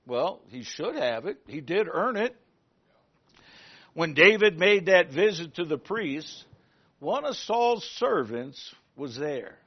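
A man preaching a sermon, retelling a story in an animated way and asking the congregation questions. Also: a little high, slow pace. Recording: muffled lo-fi recording.

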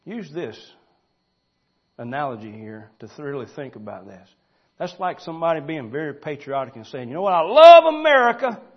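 A pastor, preaching a folksy sermon that builds to loud, emphatic shouting. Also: male voice, mid-range voice, animated, normal speed, breathy edge, muffled recording.

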